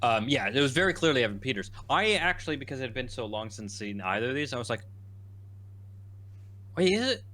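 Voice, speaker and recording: A man co-hosting a podcast, chatting casually and rambling, acting out scenes in animated bursts. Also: mid-range voice, fast talker, few pauses. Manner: rambling, animated, quotes characters in lively bursts. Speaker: podcast co-host. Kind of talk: casual chat.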